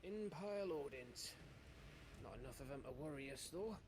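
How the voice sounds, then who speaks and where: A man's voice: medium pitch, animated, normal speed, lightly acted. An actor playing a coarse, cheerful male soldier companion in a video game, talking bluntly. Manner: blunt and profane. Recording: game audio with ambient noise.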